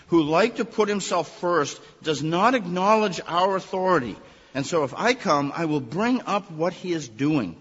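A man's voice: mid-range voice, a bit bright, breathy edge. A man preaching a sermon to his congregation, earnest and emphatic, stressing key words. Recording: long reverb, muffled lo-fi sound.

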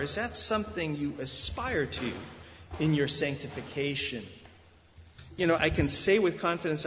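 A man preaching a sermon as pastor, emphatic, with deliberate pauses. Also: mid-range voice, a bit bright, long reverb tail, muffled recording, a little hiss or hum. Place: church sanctuary.

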